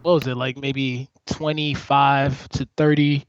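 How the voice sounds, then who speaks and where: A man co-hosting a podcast in casual chat, animated and joking, often restarting his sentences. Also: medium pitch, a little slow, no echo. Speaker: podcast co-host. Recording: dry, dull lo-fi sound.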